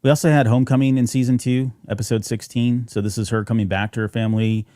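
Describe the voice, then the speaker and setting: A man's voice: medium pitch, fairly even intonation, quick pace, mellow, no room sound, clean studio sound. A man co-hosting a fan podcast, chatting casually and rambling with fillers and restarts. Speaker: podcast co-host.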